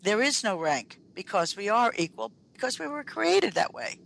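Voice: mid-range voice, big pitch swings, moderate pace, gravelly, fairly bright tone, poor audio. A radio host giving an emphatic lecture-style talk as a workplace trainer, repeating key phrases and speaking straight to the listeners.

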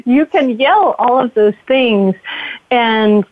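A middle-aged woman, a parenting author, talking casually in an interview, lively and laughing often as she acts out feelings. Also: fairly high pitch, slow pace, dry recording. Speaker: guest, mindful parenting author. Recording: dry, tinny phone-like line.

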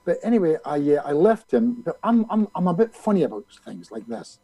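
A man, a hypnotist being interviewed, telling a story in an animated way and acting out other people's lines. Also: on the high side, brisk, dry recording, low-quality recording. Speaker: hypnotist guest.

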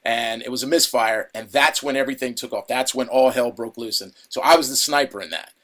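A middle-aged man, an actor, telling a story in an interview with many restarts and fillers, now and then acting out a shouting director. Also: mid-range voice, fairly quick. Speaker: actor guest. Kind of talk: casual interview anecdote.

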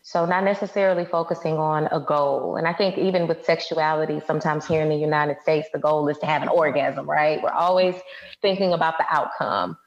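A woman's voice: sits low, fairly even intonation, a little fast, muffled recording. A woman from Brazil speaking as an interview guest, earnest and reflective. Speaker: guest, movement and Reiki facilitator. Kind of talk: casual interview.

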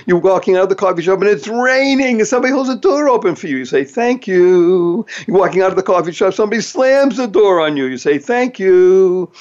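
A man's voice: sits high, lively intonation, very fast, few pauses, dull audio. A man hosting a motivational talk show, speaking in an upbeat, emphatic way and playing with words. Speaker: host.

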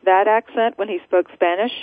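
Host voice, mid pitch, thoughtful, rambling, dry phone-line sound. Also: steady tone, no echo. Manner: thoughtful, rambling, quick to laugh. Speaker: radio show host. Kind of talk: conversational interview.

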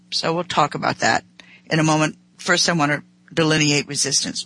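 A woman's voice: fairly low pitch, a bit bright, breathy edge, rough recording. A middle-aged woman hosting a radio talk show, explaining workplace ideas in an emphatic lecturing way and quoting excuses in a raised voice. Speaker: host.

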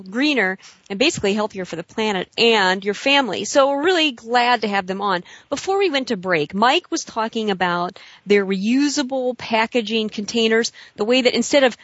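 A woman's voice: a little high, fairly bright tone, no room sound, lo-fi sound. A woman hosting a radio talk show, chatting upbeat and enthusiastically with listeners and guests.

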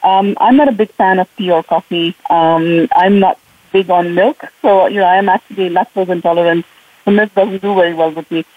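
A woman's voice: lowish voice, fairly even intonation, a little fast. A woman joining a talk show remotely as a guest, laughing often and using many fillers. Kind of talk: casual interview chat. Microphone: remote call. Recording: tinny phone-like call line.

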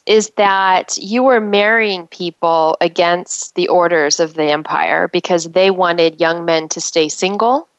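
A woman's voice: on the low side, a little slow, few pauses, clear, resonant tone, no echo. A woman co-hosting a radio show, easygoing and prompting the guest with questions. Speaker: radio co-host. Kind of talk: casual radio chat. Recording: dull lo-fi radio sound.

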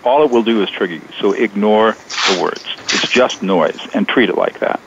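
A man being interviewed as a guest author on radio, explaining his method in a measured, step-by-step way. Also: lowish voice, background noise. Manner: measured, explanatory, steps through points. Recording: dull lo-fi radio sound.

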